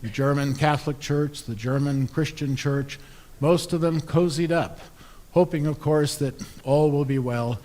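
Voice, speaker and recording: A man's voice: a little high, measured pace, dark tone. A man, an Episcopal priest, preaching a sermon in a conversational, wry storytelling way.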